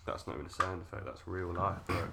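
A man hosting a podcast in casual chat, loose and jokey, firing quick questions at his guests while a little unwell. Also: low voice, fairly even intonation, creaky, heavy background noise. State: unwell, voice softer than usual. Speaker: podcast host.

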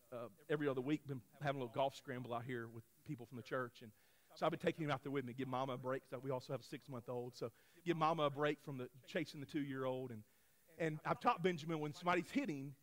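A pastor in his thirties preaching a sermon, moving from quiet storytelling to loud, shouted exhortation. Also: high-pitched. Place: church sanctuary.

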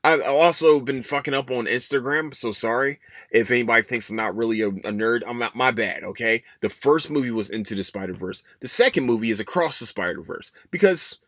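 A man's voice: medium pitch, brisk, a bit bright, dry recording, clean studio sound. A man hosting his own podcast, talking casually and rambling with lots of fillers and restarts. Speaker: podcast host. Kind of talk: casual solo podcast monologue.

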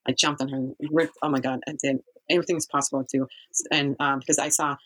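A woman telling her own story as a guest in an interview, speaking haltingly with many pauses and restarts. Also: very deep voice, steady tone, a bit bright, rough recording.

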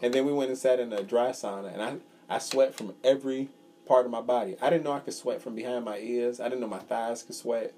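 A man's voice: mid-range voice, fast talker, dark tone, a little hiss or hum. A young man co-hosting a podcast, telling rambling, profane stories in casual chat. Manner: rambling storyteller, swears freely. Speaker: podcast co-host.

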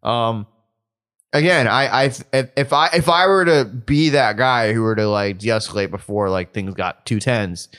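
A man's voice: medium pitch, measured pace, fairly bright tone, clean tone. A man co-hosting a podcast in casual chat, rambling with many fillers and restarts. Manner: rambling, full of fillers and restarts, laughs often. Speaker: podcast co-host.

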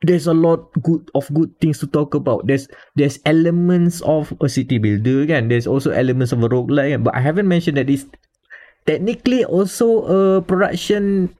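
Mellow-voiced Malaysian man chatting. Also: medium pitch, a little fast, hardly any pauses. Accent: Malaysian English. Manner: rambling, with restarts and chuckles. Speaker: podcast co-host. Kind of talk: casual panel chat.

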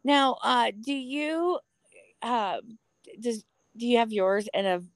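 Lively midwest woman cohost, acts out her stories, dry close sound. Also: fairly high pitch, takes it slowly, dry recording. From American Midwest. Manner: animated storyteller, acts out quotes. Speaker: podcast co-host. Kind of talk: casual chat.

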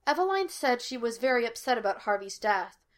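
A woman's voice: fairly high pitch, big pitch swings, fairly quick. A woman voicing a flippant, teasing young man who poses as a psychic detective, in a storybook reading. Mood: joking. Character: cocky young male fake psychic, wisecracking.

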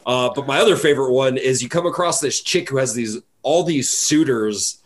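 A man co-hosting a casual podcast over a video call, excitedly retelling video game scenes with swearing and silly voices. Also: medium pitch, moderate pace. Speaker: podcast co-host.

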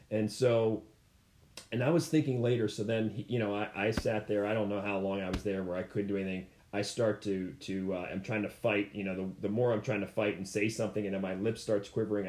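A man's voice: lowish voice, darkish tone. A man as an interview guest, candidly telling a personal story, rambling and repeating himself with frequent "you know" fillers. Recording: roomy echo.

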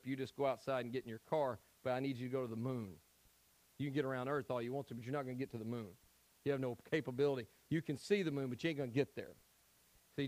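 Man, from Tennessee, pastor, conversational preaching, mid-pitched, dry sound. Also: dry recording, low-quality recording. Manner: conversational preaching with frequent "okay?" check-ins. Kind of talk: evening Bible study sermon.

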